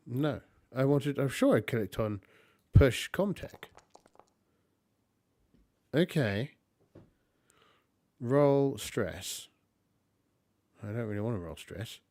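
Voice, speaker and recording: Slow, muttering man playing solo. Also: medium pitch, expressive, no echo, studio quality. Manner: halting, muttering counts to himself. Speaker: solo tabletop player and narrator. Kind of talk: casual solo game play, thinking aloud.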